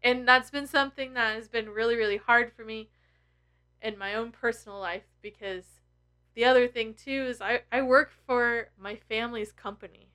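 A woman's voice: a little high, fairly even intonation, moderate pace, sharp tone. A woman in her thirties talking candidly and emotionally to her followers, blunt and full of swearing. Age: 30s. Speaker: tarot content creator. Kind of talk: candid personal vlog.

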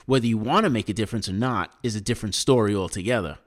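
A man's voice: fairly low pitch, rapid-fire. An American man co-hosting a podcast, giving earnest opinions in casual chat with frequent restarts. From United States. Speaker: podcast co-host.

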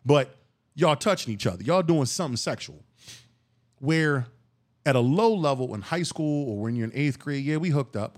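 A man's voice: medium pitch, a little mellow. Man, podcast host, solo monologue, cussing, emphatic, heated bursts. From Philadelphia. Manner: profane, emphatic street talk with rising outbursts.

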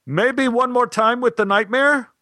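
Shouty, bossy theater director, pitched well up; a male storyteller does the voice. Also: measured pace, no echo, exaggerated voice. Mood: calling out.

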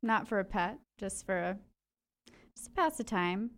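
A woman playing in a tabletop game, speaking gently and hesitantly with many restarts. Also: mid-range voice, animated, moderate pace.

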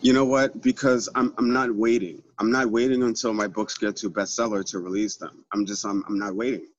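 A man who is a podcast guest and author, talking in a relaxed way and repeating himself as he thinks. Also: fairly low pitch, brisk, lo-fi sound, a little hiss or hum. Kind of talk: casual podcast conversation.

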